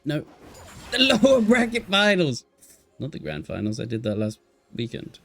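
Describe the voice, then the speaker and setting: A man casting a live esports match, chatting to the stream chat between plays and shouting when fights break out, tired and yawning. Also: fairly high pitch, wildly swooping pitch, normal speed, vocal fry, faint music behind. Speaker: esports caster. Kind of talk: live play-by-play commentary.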